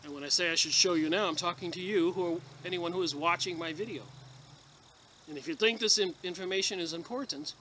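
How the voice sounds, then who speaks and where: A man's voice: sits high, a little fast, bright, forceful tone, slight background noise. A man, a video blogger, reading passages aloud and commenting on them in an emphatic, emotional way. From United States. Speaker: video blogger reviewing books.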